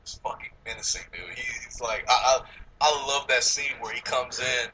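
A man co-hosting a casual movie podcast, excitable, swearing freely and laughing often. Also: mid-range voice, normal speed, slight background noise, rough recording. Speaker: podcast co-host.

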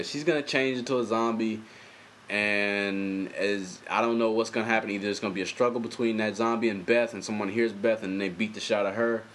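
A young man with a somewhat low voice rambles through a TV recap in loose slang, swearing freely. His commentary wanders with restarts and asides. Faint room noise sits under the voice. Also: a bit bright. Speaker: TV episode reviewer. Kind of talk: casual recap vlog.

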